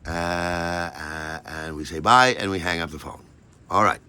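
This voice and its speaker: An older man telling a personal story in an animated way, acting out every voice and lingering on words. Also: deep voice, unhurried, smooth.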